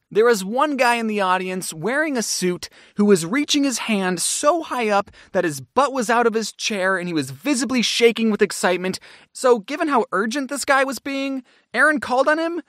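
A man narrating a comedic scripted story with jokey, deadpan asides. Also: high-pitched, dry recording, studio quality. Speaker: animation storytime creator.

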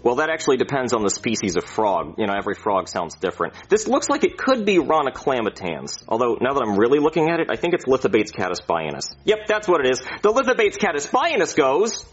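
A man doing a fast sleazy doctor. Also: mid-range voice, huge pitch swings, slightly rough. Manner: smug rambling, laughs at own jokes. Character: sleazy rambling male doctor. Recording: muffled.

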